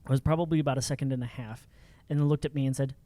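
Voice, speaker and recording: A man telling lively stories in a casual podcast chat, laughing often. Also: medium pitch, racing, dry recording. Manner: animated, laughing storyteller.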